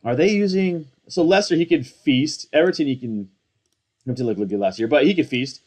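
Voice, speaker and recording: A young man in casual commentary, excitable and rambling, slangy and self-mocking, hyped up on coffee. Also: on the high side, brisk. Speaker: fantasy football content creator.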